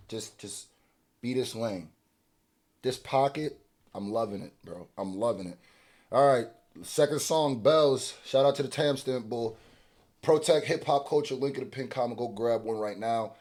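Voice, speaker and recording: Excitable man reacting to music. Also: medium pitch. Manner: excitable, swings between hype and mumbled asides. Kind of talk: casual album reaction commentary.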